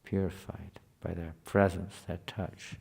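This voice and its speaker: Low gravelly man giving a scripture class. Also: level tone, a little slow, darkish tone. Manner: conversational, often checks in with listeners with questions. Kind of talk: informal scripture lecture to a live group.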